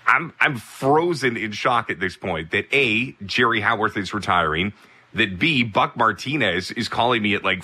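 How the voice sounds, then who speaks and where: A baseball broadcaster telling a casual personal anecdote, animated and full of asides. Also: male voice, lowish voice. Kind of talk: casual storytelling.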